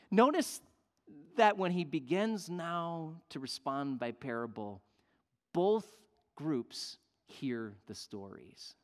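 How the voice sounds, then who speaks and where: Male preacher, high pitch, dynamic emphatic sermon delivery, reverberant hall sound. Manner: emphatic, swings from loud to hushed. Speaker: pastor. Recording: long reverb of a large hall.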